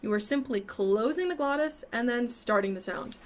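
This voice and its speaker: A woman's voice: a little high, animated, moderate pace. A young woman teaching an online singing lesson, explaining technique and demonstrating exercises between explanations.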